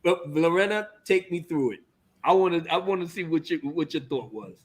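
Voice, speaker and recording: A man, hosting a casual TV review and excitedly acting out scenes in exaggerated voices while swearing freely. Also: fairly high pitch, normal speed. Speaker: podcast host reviewing a TV episode. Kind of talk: animated casual recap.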